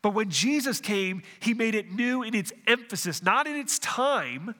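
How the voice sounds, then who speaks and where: A pastor with a high-sitting, animated voice and a sharp tone preaches a little slowly, his sound carrying a big-room quality. He works verse by verse through a passage, frequently restarting phrases and questioning the congregation.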